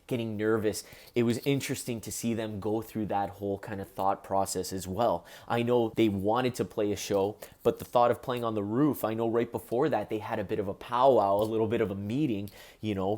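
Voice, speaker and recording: A musician talking to camera in an earnest, heartfelt way about something that moved him. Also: male voice, lowish voice, a little mellow. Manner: earnest, heartfelt, gets choked up. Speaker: musician reviewing a documentary. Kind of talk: casual talk to camera.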